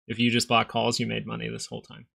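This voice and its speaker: Hosting a live stock market stream, a young man gives rambling, casual chart commentary and trades jokes with viewers. His voice sits low, fast and creaky, pushed and bright, yet completely flat in delivery.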